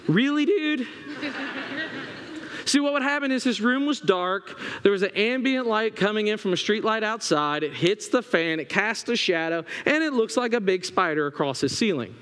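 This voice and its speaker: Male pastor with a high voice, lively comic storytelling, in a big reverberant church hall. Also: moderate pace, hardly any pauses, clean tone. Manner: animated, humorous storytelling. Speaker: assistant pastor. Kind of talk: sermon. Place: church sanctuary.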